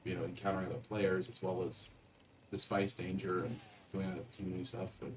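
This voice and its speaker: Brief: man, low-voiced stream co-host, easygoing and jokey, a bit distant from the mic. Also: background noise. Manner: relaxed, playful, quick to laugh. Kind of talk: casual livestream chat.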